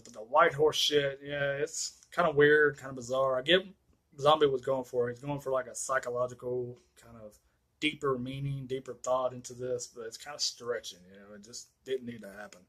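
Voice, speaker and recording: A man giving a casual, profanity-filled movie review rant, excitable and quick to laugh. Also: medium pitch, rough recording. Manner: excitable, swears constantly, laughs often.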